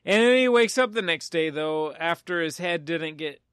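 A man's voice: on the high side, expressive, normal speed, a bit bright, clean tone, no room sound, studio quality. A man casually recapping a film's plot on a podcast, rambling and poking fun at himself. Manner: rambling, self-mocking plot summary. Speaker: podcast co-host. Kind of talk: casual movie-recap chat.

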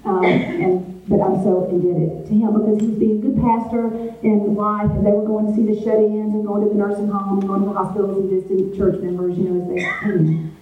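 A woman's voice: mid-range voice, flat delivery, brisk. A middle-aged woman giving her testimony as a retreat speaker, telling her story in an earnest way and acting out her own replies. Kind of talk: testimony sermon. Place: large meeting hall. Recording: echoey hall from far off, phone-like sound.

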